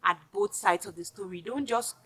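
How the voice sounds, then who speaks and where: Nigerian woman, bright voice, talking straight to camera with emphatic advice. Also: mid-range voice, expressive, moderate pace, slightly rough. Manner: chatty, emphatic, addresses viewers directly. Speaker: vlogger giving advice. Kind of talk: casual advice monologue.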